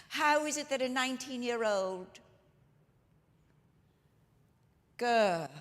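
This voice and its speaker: A woman's voice: mid-range voice, natural voice. A woman storyteller playing the ghost of a 19th-century woman author, speaking theatrically to a live audience with lingering emphasis. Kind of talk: one-woman historical storytelling performance. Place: church sanctuary with live audience. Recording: long reverb of a large church hall.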